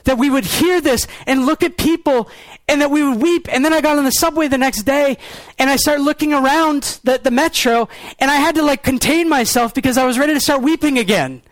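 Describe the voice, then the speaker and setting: A pastor, a young adult man with a very high voice, preaches with earnest feeling. He drops into quiet, low lines, then fires off quick pointed phrases. The sound is close and dry, with no room around it. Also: no room sound. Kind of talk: sermon.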